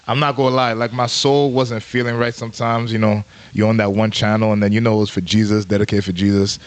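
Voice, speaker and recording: A man's voice: on the low side, level tone, fast, smooth. Brief: male podcast co-host, easygoing and jokey, loops catchphrases. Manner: playful, repeats catchphrases. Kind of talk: casual chat.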